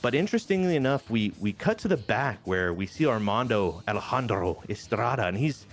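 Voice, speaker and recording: A game show host with a fairly low voice narrates a wrestling sim session like an animated storyteller, briskly slipping into short voices for the wrestlers. It's casual commentary, with faint music playing underneath.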